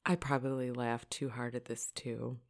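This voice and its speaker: Young adult woman co-host, low pitch, casual storyteller who laughs a lot. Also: measured pace. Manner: relaxed, laughs easily. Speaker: podcast co-host. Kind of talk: casual chat and reading stories aloud.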